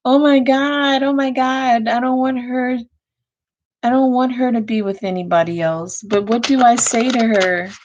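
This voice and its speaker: Casting: woman doing a lovestruck young guy, anxious and pleading, pitched higher. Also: moderate pace, hardly any pauses, a little mellow, lo-fi sound, close to an everyday voice. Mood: fretting.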